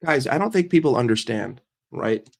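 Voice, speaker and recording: A man's voice: medium pitch, animated, moderate pace, vocal fry, darkish tone. A man hosting a casual livestream while sick and congested, chatting with viewers, greeting them by name and often repeating himself. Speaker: livestream host.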